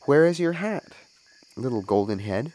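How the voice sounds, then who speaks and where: A man's voice: mid-range voice, measured pace, darkish tone, pitched above the performer's own voice, lightly acted, poor audio. A man voicing an earnest mother who questions her son in decided tones.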